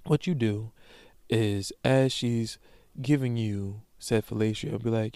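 A man's voice: lowish voice, slow, dark tone, clean tone, no echo. A man hosting his own podcast in a casual solo monologue, brash, profane and joking as he talks straight to his listeners. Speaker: podcast host.

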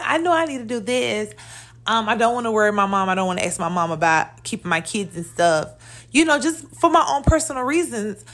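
Chatty high-voiced woman podcaster. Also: normal speed. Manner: candid, chatty, animated. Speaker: podcast host. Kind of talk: casual solo podcast talk.

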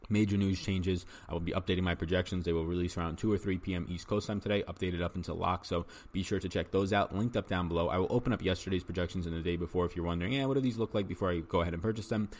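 A man hosting a fantasy sports podcast, giving a solo breakdown of basketball picks in a rapid, talky style with frequent ums and restarts. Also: low voice, darkish tone.

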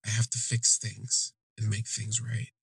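A man's voice: on the low side, flat delivery, a little slow, vocal fry, slightly rough, no room sound, heavily acted. A man quoting a torn, desperate young man who pleads with urgency. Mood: pleading.

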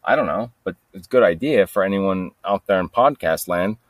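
A man's voice: deep voice, expressive, brisk, no room sound. Rambling, swearing man on a podcast. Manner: rambling, swearing, with frequent laughs and restarts. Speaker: podcast host. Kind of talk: casual solo podcast rant.

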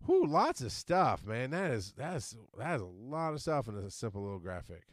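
A man's voice: mid-range voice, big pitch swings, moderate pace, no echo, studio quality. A middle-aged man co-hosting a casual podcast chat, rambling and stumbling over words. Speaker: podcast co-host.

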